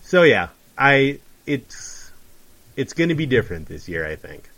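A man's voice: medium pitch, big pitch swings, unhurried, fairly bright tone. A man co-hosting a casual sports podcast, talking in a wry, rambling, joking way. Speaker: podcast co-host.

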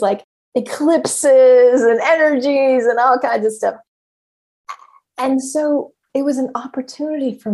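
A woman's voice: a little high, dark tone. A middle-aged woman and former therapist who hosts a show, talking candidly to listeners, emphatic, swearing freely and repeating words as she goes. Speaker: podcast host and former therapist. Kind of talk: candid casual monologue.

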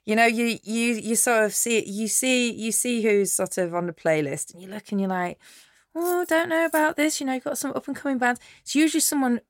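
A woman's voice: a little high, a little fast, hardly any pauses, dry recording. Chatty Yorkshire woman guest, dry sound. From Yorkshire, England. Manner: chatty, self-mocking, storytelling. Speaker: podcast guest. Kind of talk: casual interview chat.

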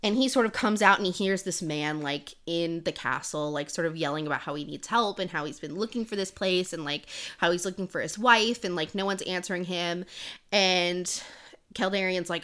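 A woman's voice: on the low side, normal speed, a bit bright. A young woman co-hosting a podcast, retelling a novel's plot in a rambling casual way full of "like". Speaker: podcast co-host. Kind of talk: casual book-recap chat.

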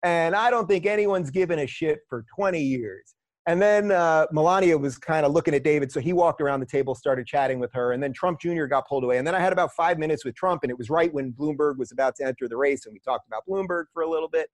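A middle-aged man, a podcast guest, telling stories in a casual, animated way and often repeating words as he starts phrases. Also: on the high side, quick pace, hardly any pauses, no echo, studio quality. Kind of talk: casual storytelling. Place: lives in a large US city.

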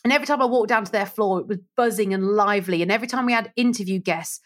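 Lively woman telling stories. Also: mid-range voice, racing. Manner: lively, acts out quoted voices. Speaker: radio presenter, guest. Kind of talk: casual storytelling interview.

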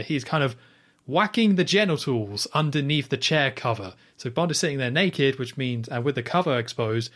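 A man's voice: medium pitch, fairly bright tone. Chatty man recapping a film scene. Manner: chatty retelling with frequent fillers and quoted lines. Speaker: podcast host recapping a film. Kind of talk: casual chat.

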